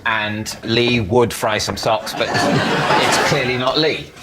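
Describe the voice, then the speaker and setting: A man's voice: medium pitch, slow, a crowd in the background. A man who is a panel show team captain, questioning and reasoning in an incredulous, exasperated way. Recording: studio audience laughter, noisy TV mix.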